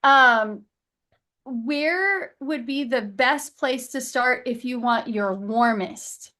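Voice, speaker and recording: A woman's voice: a little high, takes it slowly, sharp tone. A woman with a Southern American accent hosting a virtual summit, asking questions in a chatty way with many fillers. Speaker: summit host. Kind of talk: casual chat.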